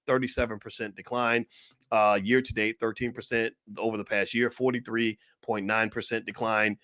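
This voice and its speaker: A man's voice: mid-range voice, fairly bright tone. A man giving heated, rambling commentary straight to his viewers, asking them questions and preaching his point. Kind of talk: direct-to-camera commentary.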